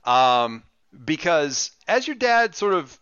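Game master, male, rambling and full of restarts; bright tone, dry, lo-fi online call audio. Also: a little high, big pitch swings, takes it slowly, smooth, no room sound. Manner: rambling, many fillers and restarts. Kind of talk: narrating a tabletop game. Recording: muffled lo-fi voice chat.

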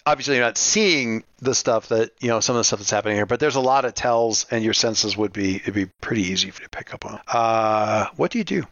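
Halting male game master, dry lo-fi sound. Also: lowish voice, fairly bright tone, dry recording. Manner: rambling, halting, many restarts. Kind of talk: narrating a tabletop game.

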